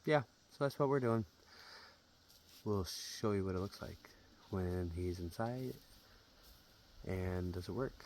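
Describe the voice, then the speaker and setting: A man's voice: deep voice, slow pace, pauses often, darkish tone, slight background noise. A man hosting a casual farm vlog outdoors. He talks fondly and playfully to his dogs in a coaxing sing-song. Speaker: vlog host. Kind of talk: casual chat.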